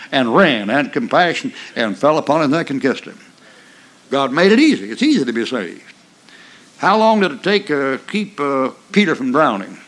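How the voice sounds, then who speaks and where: An older man with a drawl, delivering a sermon in a rough, folksy style. His voice sits a little high for a man, and he drives his points home with emphatic repeats and mocking asides. Every so often he lets out a dry chuckle. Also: fairly bright tone. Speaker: preacher.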